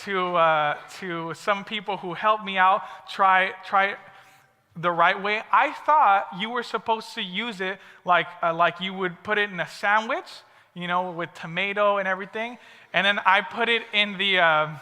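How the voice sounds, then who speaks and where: A man's voice: high-pitched, a little slow, pushed and bright, smooth. Upbeat young man preaching in a hall. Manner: upbeat and chatty, many asides. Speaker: speaker at a youth service. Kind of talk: conversational storytelling sermon. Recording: long reverb of a big hall.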